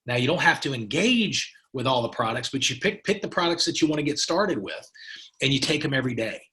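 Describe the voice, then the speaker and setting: A man's voice: medium pitch, lively intonation, brisk, bright, forceful tone. A middle-aged man, a company president, giving a motivational sales training talk, emphatic and repetitive, with many restarts and a coaching tone.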